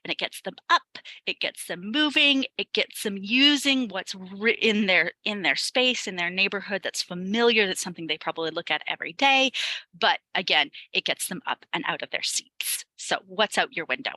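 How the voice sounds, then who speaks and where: A woman's voice: medium pitch, expressive, normal speed, sharp tone, dry recording, rough recording. A woman teacher presenting an online training webinar for other teachers, chatty and upbeat, with many ums and light laughs. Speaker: ESL teacher leading a teacher webinar.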